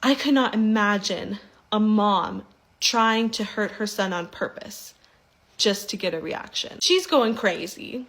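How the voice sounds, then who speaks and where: A young woman casually telling a personal story, animated and mimicking the people she quotes. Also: mid-range voice, rough recording.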